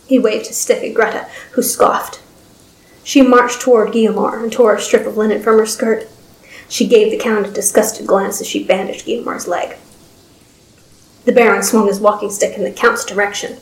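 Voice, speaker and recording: Casting: woman storybook narrator, steady, even reading, mid-pitched voice, roomy echo. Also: a little fast.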